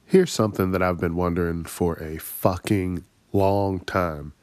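A man's voice: low voice, steady tone, unhurried, darkish tone, dry recording, soft background music. A man hosting his own comedy podcast, ranting in exasperated, profane bursts and laughing at his own jokes. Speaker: podcast host. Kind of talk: solo comedic rant.

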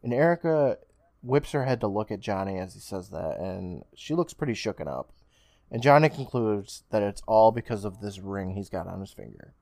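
A man co-hosting a podcast, casually retelling an episode's plot with swearing and quick acted-out lines. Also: lowish voice, expressive, vocal fry, a little mellow, no echo, studio quality. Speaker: podcast co-host recapping an episode. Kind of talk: casual recap chat.

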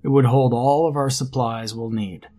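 A man's voice: mid-range voice, moderate pace, lightly acted. A man voicing an eager male survivor. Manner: excited explaining.

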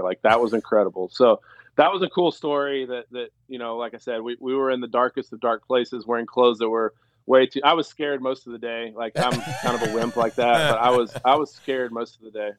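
A man's voice: mid-range voice, a little fast, dry recording. A man, a former pro ballplayer, telling a story on a podcast in a loose, rambling way with many fillers and restarts. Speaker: former pro baseball player, podcast guest. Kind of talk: casual storytelling.

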